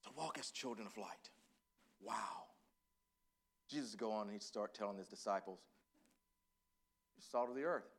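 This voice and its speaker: A man from Northeast Texas with a Southern Texan accent, preaching a sermon that swings from quiet musing to loud, drawn-out exclamation. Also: lowish voice, vocal fry, breathy edge. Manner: laughs and exclaims often.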